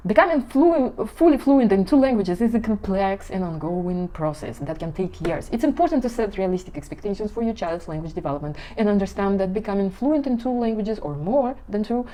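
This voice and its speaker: Woman, thirties, relaxed mellow tone, talks parents through examples in plain, slightly non-native English. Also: fairly high pitch. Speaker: parenting language educator. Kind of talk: casual informational talk.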